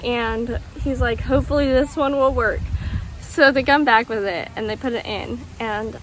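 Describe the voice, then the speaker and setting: A woman's voice: a little high, normal speed, a bit bright, low-quality recording. A young woman vlogger telling a story casually, rambling with lots of ums and acted-out quotes. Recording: faint background noise.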